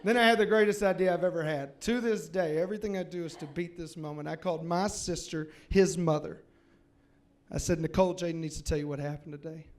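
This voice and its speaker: A man's voice: a little high, fairly even intonation, brisk. A young man from Louisiana doing a stand-up comedy set, telling a story with playful, punchy timing.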